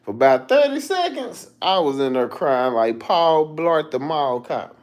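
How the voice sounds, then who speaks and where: A man's voice: a little high, big pitch swings, a little slow. A young man on a livestream telling a personal story in a casual way, laughing often and acting out the voices he quotes.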